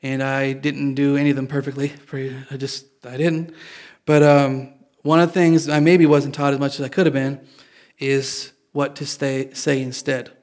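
This pastor's voice is mid-range and darkish, with little pitch movement, and he talks at normal speed. His sermon is conversational, full of restarted sentences and light jokes.

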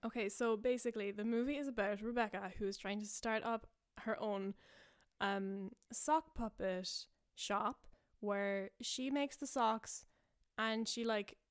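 A woman's voice: a little high, fairly even intonation, measured pace, clean tone. A young woman hosting a podcast, rambling casually through a made-up story, full of fillers and self-amused asides. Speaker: podcast host.

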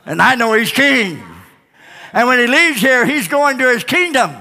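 A man's voice: very high voice, expressive, moderate pace, gravelly, sharp tone, pitched above the performer's own voice, exaggerated voice. A man pastor voicing a dying male thief who speaks in awe and pleading, heard in a reverberant church. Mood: awed. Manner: awed, pleading.

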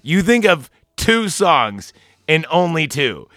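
A man's voice: fairly high pitch, slow pace, no room sound, clean studio sound. A man co-hosting a casual podcast, profanely retelling movie scenes with lots of energy. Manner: crude, animated retelling with impressions. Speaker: podcast co-host. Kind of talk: casual movie-discussion chat.

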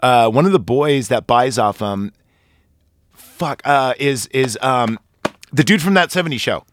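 A man's voice: medium pitch, expressive, a little slow, no room sound, clean studio sound. A man hosting a casual podcast, recapping a film in a rambling way with crude jokes and lots of fillers. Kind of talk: casual chat.

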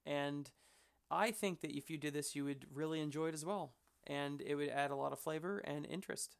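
A man's voice: a little high, a little fast, gravelly, clean tone. A man hosting a hobby channel, chatting casually to the camera in an enthusiastic, rambling, self-deprecating way.

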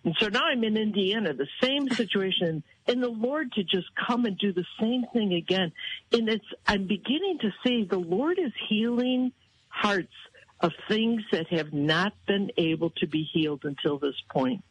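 A woman telling stories in casual chat, animated, jumping up in pitch when she quotes others. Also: normal speed, slightly rough, dry recording, rough recording. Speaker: guest.

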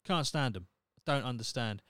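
Young guy ranting on his podcast, swears a lot, smooth clear voice, dry close sound. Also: medium pitch, expressive, moderate pace, a bit bright, no echo. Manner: blunt, sweary, opinionated. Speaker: podcast host. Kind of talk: casual solo podcast rant.

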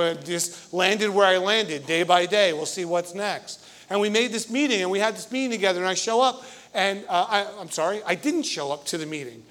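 High-voiced man preaching a lively sermon. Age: middle-aged. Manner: animated storytelling, rises to loud emphasis and drops to near murmur. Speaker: priest.

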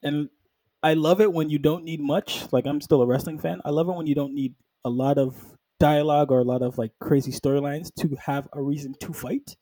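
A man casually retelling a comic book storyline, animated, acting out the characters in quick quotes and filling his talk with "like". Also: fairly high pitch, slightly rough, no echo, poor audio. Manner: peppers speech with "like".

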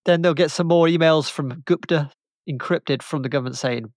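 A man's voice: on the high side, moderate pace, dry recording, clean studio sound. A man, a comedy podcast co-host, recapping a film plot in a mock-serious, sardonic way.

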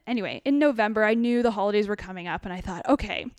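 Lively storytelling woman, smooth dry voice. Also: medium pitch, racing, dry recording. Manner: animated, expressive, emotional. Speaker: guest. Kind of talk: casual storytelling.

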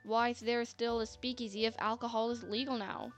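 Woman telling a story, kinda high, pretty flat delivery, chatty and sarcastic. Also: a little fast. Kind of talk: scripted narration. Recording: faint music bed.

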